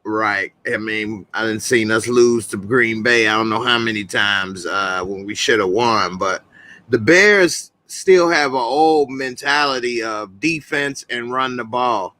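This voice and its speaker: A man hosting a call-in show, chatting casually about sports in an animated, opinionated, slangy way. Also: medium pitch, measured pace, poor audio. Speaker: host.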